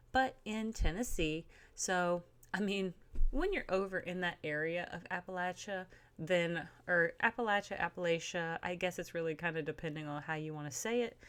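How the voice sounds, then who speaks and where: A woman giving a casual spoken book review, earnest and careful, often pausing with um and restarting her sentences. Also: lowish voice, clean tone.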